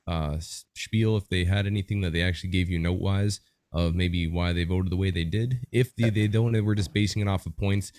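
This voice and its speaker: A man hosting a battle livestream, upbeat and chatty with a rambling flow. His voice is low, recorded close and dry. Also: a little mellow, no echo. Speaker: livestream host.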